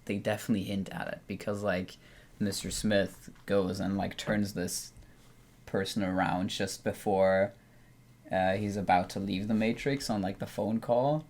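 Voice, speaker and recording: Man, lowish voice, casual film chat, rambling, filler-heavy, restarts often. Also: steady tone, measured pace, darkish tone. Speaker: film podcast co-host.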